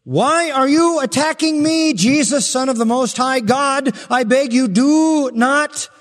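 Man doing a panicked demon, high shrieking pleas, desperate, echoing hall. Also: takes it slowly, fairly bright tone, heavily acted. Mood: panicked pleading. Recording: long hall reverb.

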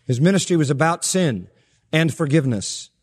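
Male pastor preaching, a fairly high voice, emphatic, with a long hall reverb. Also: animated, normal speed, slightly rough. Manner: emphatic preaching with sharp rises and soft drops. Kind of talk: sermon.

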